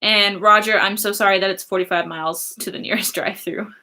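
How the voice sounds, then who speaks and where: A woman's voice: medium pitch, fairly even intonation, a little fast, sharp tone. A young woman chatting casually on a livestream, reading chat and laughing often. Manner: giggly, chatty, many fillers.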